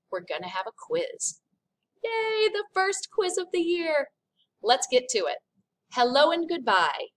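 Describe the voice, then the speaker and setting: An upbeat woman teaching a recorded remote class, her voice sitting a little high. She slows down and over-enunciates each French phrase so students can repeat it back.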